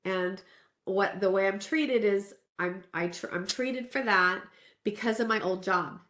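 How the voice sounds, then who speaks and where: A woman's voice: medium pitch, a little slow, a bit bright. A woman in her forties from Southern California, giving a self-care talk in a candid, earnest, conversational way, sharing a personal story with restarts. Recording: roomy echo.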